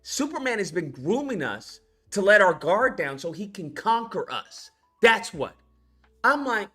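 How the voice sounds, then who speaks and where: A man's voice: high-pitched, big pitch swings, normal speed, bright, forceful tone, faint music behind. A man ranting in a casual movie review, rambling and profane, with frequent restarts. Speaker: animation YouTuber.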